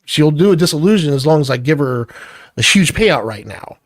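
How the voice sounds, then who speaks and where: A man's voice: fairly high pitch, expressive, fairly quick, dry recording. Middle-aged man, vlogger, blunt and profane, venting irritation in a personal rant, dry close sound. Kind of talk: angry personal vlog rant.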